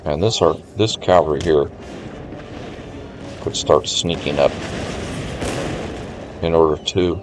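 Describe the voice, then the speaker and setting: Low-voiced man musing through a strategy game. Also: slow, long pauses, noisy background. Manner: thinks aloud, musing to chat. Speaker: game streamer. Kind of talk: casual gameplay commentary. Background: faint game music.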